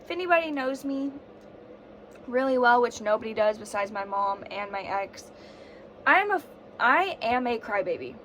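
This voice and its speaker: There's a little hiss or hum behind this young woman's expressive, slightly bright voice, which sits on the high side and moves at a moderate pace. In a casual vlog she tells a story while battling a fever and sore throat, ranting dramatically and swearing constantly.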